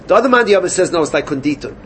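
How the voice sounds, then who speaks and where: A man teaching a Gemara class, animated and questioning his students. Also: on the high side, rapid-fire, slight background noise. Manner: animated, questioning students, mixes Yiddish and Hebrew terms. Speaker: Talmud teacher.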